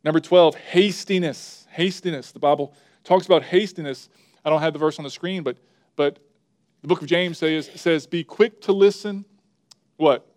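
A man's voice: a little high, fairly even intonation, moderate pace, darkish tone. A man preaching a sermon, emphatic and building up repeated phrases, now and then turning aside to the person running the slides. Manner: talks to the slide operator mid-sermon.

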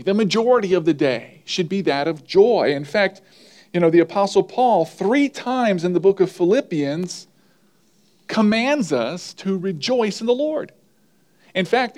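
A man's voice: fairly high pitch, a little mellow. A man preaching a sermon as pastor, conversational, asking the congregation questions and repeating key lines for emphasis. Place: church.

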